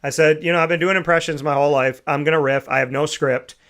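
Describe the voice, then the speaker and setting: A man hosting a morning sports talk show, his voice pitched a little high. He talks quickly and eagerly, and runs through sponsor plugs with energy. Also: steady tone, fairly bright tone. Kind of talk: casual morning show chat.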